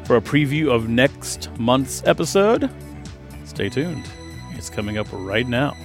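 A man's voice: medium pitch, very animated, a little slow, faint music behind. A man hosting a casual podcast interview, friendly and a little rambling. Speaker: podcast host.

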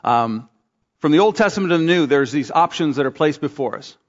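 A man preaching a sermon as pastor, telling stories with lively acted-out quotes. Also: a little fast. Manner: animated storytelling, acts out quotes with big pitch jumps. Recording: dull sound with long hall reverb.

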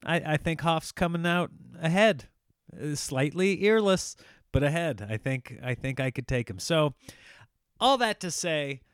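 A man hosting a podcast, telling rambling stories in a casual, animated way and laughing often. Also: a little high, unhurried, clear, resonant tone, no room sound, clean studio sound. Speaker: podcast host. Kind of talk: casual storytelling monologue.

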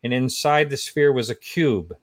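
A man's voice: medium pitch, normal speed, no echo. A man hosting an interview, sympathetic and rambling, with many fillers as he asks his questions. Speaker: podcast host. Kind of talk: casual interview talk.

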